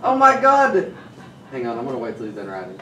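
A male student in a class, excitable and melodramatic about getting answers right. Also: mid-range voice, fast talker. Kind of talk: classroom banter. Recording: echoey classroom from far off, chatter.

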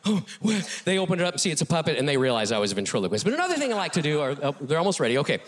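A middle-aged male ventriloquist doing a comedy routine on a TV talk show stage. He is animated and often chuckles between lines. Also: a little high, rapid-fire. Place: TV studio stage with audience.

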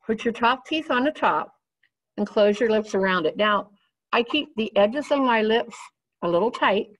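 A woman's voice: on the high side, expressive, normal speed, fairly bright tone. A woman giving a clarinet lesson, explaining each step patiently while she demonstrates. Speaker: clarinet teacher.

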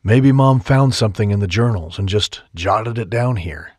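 A man's voice: fairly low pitch, animated, normal speed, dry recording, studio quality, voice pushed up. A man playing a remorseful, earnest young man. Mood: eager.

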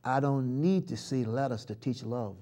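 A man preaching a live church sermon, swinging from loud shouts down to hushed murmurs and leading the congregation in call-and-response chants. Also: medium pitch, moderate pace. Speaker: pastor. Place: church sanctuary.

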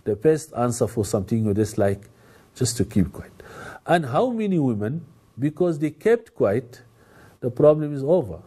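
A man giving a televised religious lecture in English, preaching emphatically, repeating phrases and jumping up in pitch to stress points. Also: sing-song, moderate pace, mellow, husky. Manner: emphatic, repetitive, with sudden rises in pitch. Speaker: Islamic preacher.

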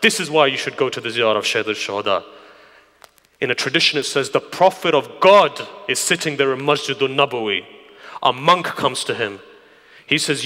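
A man preaching a sermon and telling stories, dropping to a hushed near-whisper and then rising to emphatic, raised lines. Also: mid-range voice, fairly quick. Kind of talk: Muharram night sermon. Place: community centre hall. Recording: long hall reverb.

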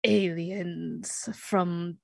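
A woman voicing a pompous male hero leader who speaks slowly in a grand, stilted way. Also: lowish voice, fairly even intonation, gravelly, a little mellow, no echo, pitched below the performer's own voice, exaggerated voice. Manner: slow, grandiose, stilted old-fashioned phrasing.

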